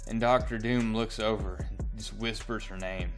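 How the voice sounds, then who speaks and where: A man's voice: on the low side, steady tone, moderate pace, few pauses, soft background music. A man casually recapping a comic book's plot in a chatty, storytelling way, as a reviewer.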